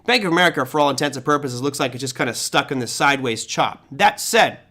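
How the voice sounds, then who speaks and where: A man's voice: medium pitch, animated, quick pace, sharp tone. A man hosting a live trading show, giving casual, chatty market commentary and talking to viewers like buddies.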